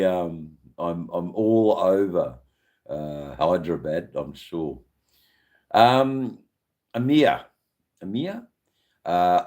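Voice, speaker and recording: A very deep-voiced Australian man hosts a casual live stream. He rambles with viewers in loose banter and swears freely. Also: a little mellow. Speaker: livestream host.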